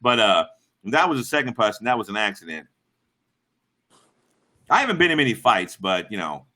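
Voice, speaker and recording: A man's voice: on the low side, very animated, moderate pace, bright, forceful tone. A middle-aged man hosting a livestream, telling rambling, profane stories to his chat and acting out the voices of the people in them. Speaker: livestream host. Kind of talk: casual storytelling to a live chat.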